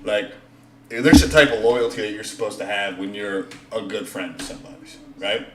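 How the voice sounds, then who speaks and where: A man's voice: on the low side, moderate pace, very noisy. A man in casual chat, talking bluntly and emphatically with plenty of swearing. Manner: blunt, swearing, emphatic about loyalty talk. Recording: echoey room.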